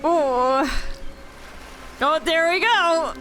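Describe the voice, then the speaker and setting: A woman's voice: very high voice, extremely slow, a bit bright, soft background music. A young woman streamer reading a game's text aloud with playful, giggly asides. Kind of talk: game playthrough, reading text aloud with commentary.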